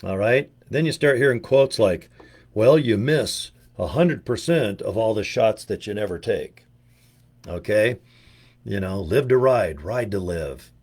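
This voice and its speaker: An older American man rambles through a casual monologue, cracking jokes and dropping slang as he goes. His voice sits low. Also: lively intonation, a little slow, darkish tone, slightly rough. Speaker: video presenter. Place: home in Utah.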